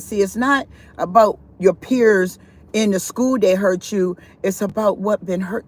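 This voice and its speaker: A middle-aged woman hosting a live stream as a spiritual therapist, talking in an earnest, repetitive, preachy and rambling way. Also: on the low side. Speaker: livestream host, self-styled spiritual therapist.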